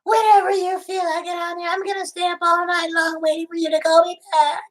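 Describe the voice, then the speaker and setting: Woman, high voice, prank caller: giggly, clingy, overly emotional. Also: little pitch movement, a little fast, low-quality recording. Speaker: scam baiter posing as a lonely woman. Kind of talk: prank phone call.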